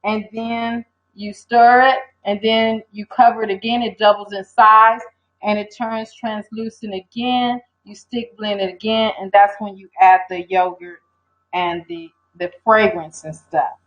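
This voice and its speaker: A woman's voice: medium pitch, steady tone, measured pace, soft background music. An older woman hosting a casual livestream, talking in a rambling, hesitant way and answering viewers. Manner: rambling, hesitant, reads viewer comments aloud. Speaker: livestream host. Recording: dull lo-fi stream audio.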